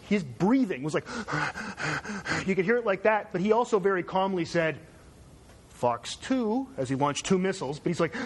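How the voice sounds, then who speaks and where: A man from Canada giving a conversational university lecture, digressive and checking in with "right?". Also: a little high.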